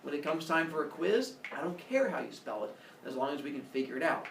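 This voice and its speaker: A man's voice: a little high, big pitch swings, fairly quick, distant mic, background noise. Joking male teacher in an echoey classroom. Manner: joking, playful storytelling. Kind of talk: classroom lecture.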